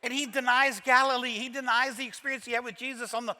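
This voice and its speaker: A man's voice: extremely high pitch, steady tone, quick pace, pushed and bright. A man from Kentucky preaching a sermon as pastor, retelling the scene dramatically with folksy humor. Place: large church auditorium. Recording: reverberant church hall.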